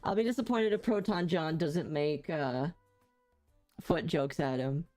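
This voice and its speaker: A woman's voice: sits low, a little slow, a little mellow, dry recording, soft background music. A woman co-hosting a podcast in casual chat. She is blunt and opinionated and laughs often. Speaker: podcast co-host.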